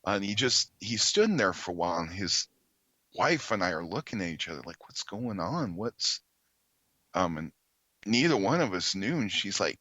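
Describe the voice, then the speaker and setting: A man, a podcast guest, earnestly telling a story in conversation, halting with many ums and restarts. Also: deep voice, sing-song, sharp tone, dry recording, lo-fi sound.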